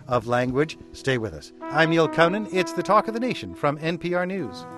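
A man hosting a live call-in radio talk show, taking callers and reading station promos in a relaxed, conversational way. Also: fairly high pitch, moderate pace, over loud music.

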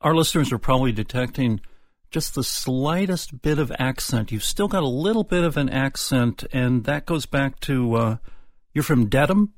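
A man's voice: mid-range voice, expressive, normal speed, no echo. A male public radio host introduces and questions his guest in an easygoing, conversational way, with plenty of fillers. He speaks into a close studio mic that leaves the sound dry.

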